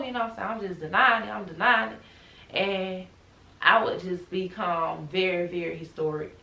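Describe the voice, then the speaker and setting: A young woman vlogging, retelling a personal story with animated emotion. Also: on the low side, normal speed, vocal fry, roomy sound, rough recording.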